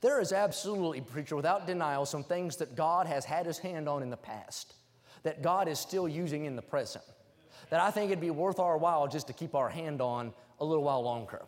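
A man preaching a sermon, building to shouted rhythmic exhortations in a large church sanctuary. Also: a little high, fairly quick. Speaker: pastor. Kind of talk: fiery sermon. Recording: long hall reverb.

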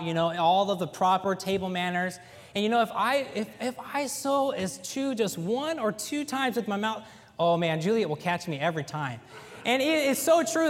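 A man with a strikingly high voice delivers a folksy sermon, leaning hard on key words as he tells his stories. His voice rings through a church with a long, echoing reverb. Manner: folksy storytelling with animated emphasis. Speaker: pastor. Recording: echoey church hall.

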